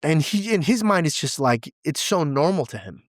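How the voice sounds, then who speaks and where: Animated young man, "dude"-heavy talk. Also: on the high side, moderate pace, dry recording. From Assyrian heritage, grew up in a church. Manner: animated and expressive, says "dude" and "bro" a lot; earnest, close to tears at times. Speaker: podcast guest. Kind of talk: emotional, candid interview talk.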